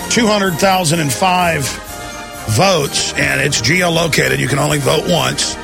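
A man's voice: a little high, unhurried, gravelly, music in the background. A male radio host in a rambling, emphatic talk radio monologue.

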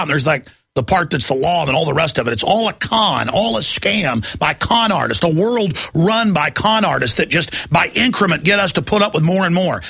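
A man's voice: sits high, expressive, a little fast, creaky, few pauses, bright, forceful tone, breathy edge, no room sound. A middle-aged man hosting a talk radio show, ranting in a heated, agitated monologue.

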